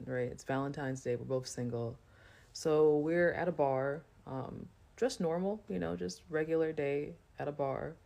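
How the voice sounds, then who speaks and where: Chatty woman with a gravelly edge. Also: a bass voice, a little mellow. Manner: loose, chatty, full of "you know" and "like" fillers. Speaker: storyteller. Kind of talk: casual storytime monologue.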